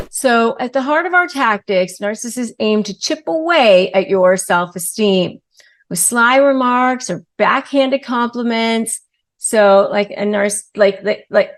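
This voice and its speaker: A woman hosts a direct-to-camera advice video as a lawyer, speaking at an unhurried pace in a middle pitch. She is animated, acting out little examples and filling pauses with casual filler words. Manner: animated, acts out quoted lines with many fillers. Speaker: lawyer and self-help host.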